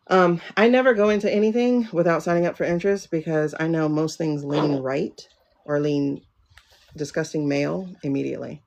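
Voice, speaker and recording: Low raspy-edged lady rambling on her livestream, cuts herself off a lot. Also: a little mellow. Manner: rambling, self-interrupting, chatty. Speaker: livestream host and tarot reader. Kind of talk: casual livestream chat.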